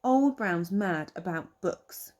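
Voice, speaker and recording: A woman's voice: fairly low pitch, animated, takes it slowly, darkish tone. A woman voicing a brave, earnest young male rabbit in a storybook. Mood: certain.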